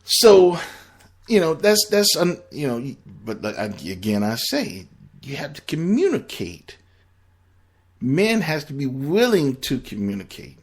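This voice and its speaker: A man's voice: fairly high pitch, big pitch swings, unhurried, breathy edge. A man giving blunt, profane relationship advice in a casual, rambling monologue.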